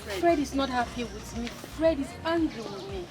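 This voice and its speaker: A woman's voice: sits high, expressive, brisk. A woman playing an upset wife who complains about her husband in a pleading way. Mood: complaining. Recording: loud music behind.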